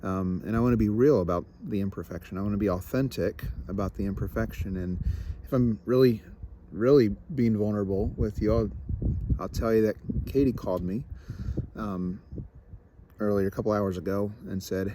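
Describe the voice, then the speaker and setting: Low-voiced man, candid and halting. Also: warm tone, a little hiss or hum. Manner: candid, self-deprecating, with frequent restarts and repetitions. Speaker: vlogger. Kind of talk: reflective personal vlog.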